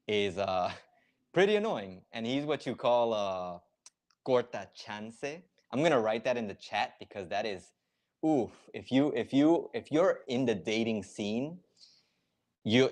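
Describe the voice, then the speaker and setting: A man streaming live, chatting casually and explaining slang words step by step with lots of fillers. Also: fairly low pitch.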